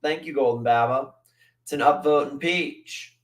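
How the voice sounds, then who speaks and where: A man's voice: mid-range voice, a little slow. A man hosting a casual livestream, rambling and swearing as he reacts to chat and videos. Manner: profane, rambling, mimics voices. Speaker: livestream host.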